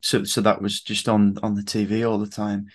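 A man's voice: on the low side, monotone, moderate pace. A young man hosting a casual interview, reacting with enthusiasm. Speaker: interview host. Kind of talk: casual chat.

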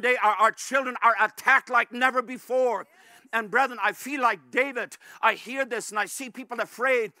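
A male pastor delivers an impassioned sermon, calling out to his brethren again and again and building to shouts. His voice sits high and rings hard and forceful. The sound is close and dry. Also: no echo. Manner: fervent, repeatedly calls out "brethren"; rises to shouts at climaxes.

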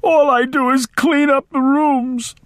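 A man's voice: steady tone, slow pace, no room sound, clean studio sound, exaggerated voice. Man doing a wailing, terrified old maid. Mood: pleading, terrified. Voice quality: high, strained, falsetto-like. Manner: wailing, blubbering pleas. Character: terrified old woman hotel maid, pleading.

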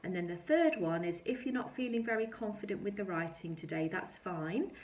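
A woman teaching a recorded lesson to young children, speaking slowly and clearly, reading her examples aloud with drama. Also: medium pitch, darkish tone, a little hiss or hum. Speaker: primary school teacher. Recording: echoey room.

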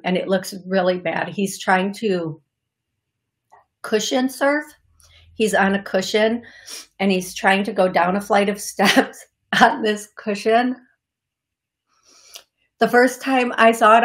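A friendly woman hosts a live call-in show, talking casually in short bursts. She greets viewers by name and pads her sentences with fillers and restarts. Her voice sits at a middle pitch. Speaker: psychic medium host of a call-in show.

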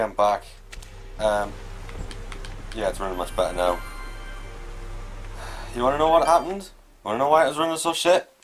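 Swearing gamer yelling at his game. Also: on the low side. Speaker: let's play gamer. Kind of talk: casual gameplay commentary. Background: faint game music.

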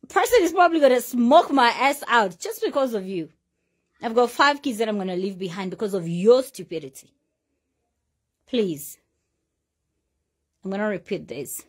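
A loud, confident woman in her forties talking casually and emphatically to her followers. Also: mid-range voice, breathy edge. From Uganda. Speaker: social media personality. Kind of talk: casual talk to camera, addressing followers.

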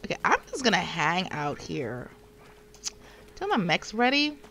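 Lively, slow-talking woman streamer. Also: lowish voice, a little hiss or hum. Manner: chatty, exclaims and squeals when startled. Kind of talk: casual gameplay livestream chat.

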